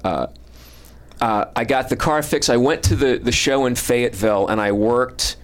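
A man's voice: mid-range voice, moderate pace. A man, a stand-up comedian, telling a rambling story in casual podcast chat, full of uhs and restarts.

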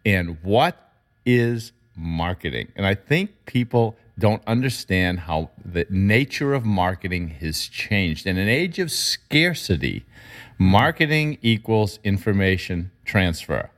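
A man discussing marketing in an emphatic, animated way, his pitch jumping up when he makes a point. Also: takes it slowly. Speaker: marketing commentator. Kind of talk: conversational discussion.

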